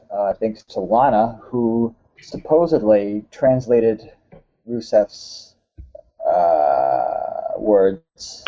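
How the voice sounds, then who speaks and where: A man hosting a casual podcast, rambling with lots of "uh"s and quick laughs. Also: lowish voice, dark tone, lo-fi sound. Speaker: podcast host. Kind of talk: casual chat.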